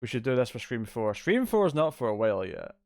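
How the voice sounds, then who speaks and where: A man's voice: mid-range voice, sing-song, fast talker, dry recording. Laid-back man chatting on a livestream. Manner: laid-back, rambling, reads chat aloud. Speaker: streamer host. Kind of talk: casual livestream chat. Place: home living room couch. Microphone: distant mic, moves out of frame.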